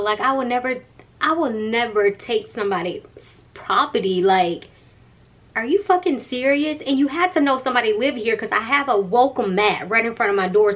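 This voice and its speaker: A young woman vlogging casually, chatty and candid, swearing freely and calling her viewers girl and y'all. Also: on the high side. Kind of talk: casual vlog chat.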